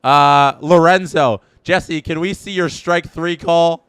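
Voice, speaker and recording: A Canadian man hosting a live baseball watchalong, excitable and reacting loudly to each play, his voice strained and worn out. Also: fairly high pitch, slow pace, clean tone, dry recording. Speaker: watchalong host.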